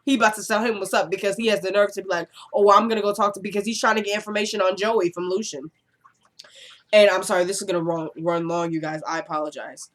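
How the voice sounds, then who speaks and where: A woman casually recapping a TV episode for her channel, chatty and digressive, getting animated when she gives her opinions. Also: medium pitch, fast. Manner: chatty and digressive, often says "you know what I'm saying".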